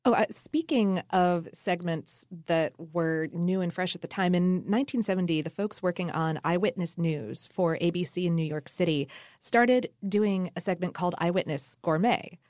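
A woman's voice: fairly low pitch, moderate pace, darkish tone, no room sound, clean studio sound. A woman co-hosting a podcast, chatting casually through food history with laughs and fillers. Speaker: podcast co-host. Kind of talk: casual conversational history chat.

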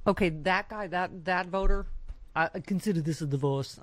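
A woman's voice: fairly low pitch, moderate pace, soft background music. A woman hosting a call-in radio talk show, chatty and wry, with lots of fillers. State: a little winded. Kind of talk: casual call-in radio banter.

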